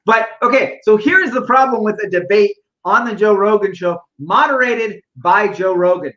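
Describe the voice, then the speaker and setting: A man's voice: high-pitched, moderate pace, sharp tone, muffled recording. A man co-hosting a podcast in casual chat, talkative and explaining at length. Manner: talkative, explaining, mock-quoting. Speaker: podcast co-host.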